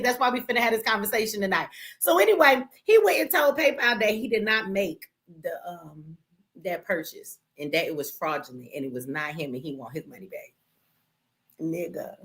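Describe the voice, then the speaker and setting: Speaking to her viewers directly, a livestream host from Detroit rants casually, tired, exasperated, and swearing without restraint. Her voice is slightly high and a bit bright, with lively intonation at a moderate pace.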